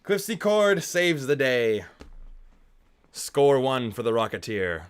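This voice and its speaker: A man talking through a movie as a casual watch-along commentator, his voice smooth and resonant at a middle pitch. He mutters laid-back reactions under his breath, swears now and then, and breaks into bursts of excitement. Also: slow, no echo.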